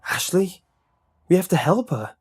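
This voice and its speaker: A man's voice: mid-range voice, expressive, moderate pace, darkish tone, breathy edge, pitched above the performer's own voice. A man voicing a frightened teenage schoolboy who talks in urgent, breathless bursts. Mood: desperate.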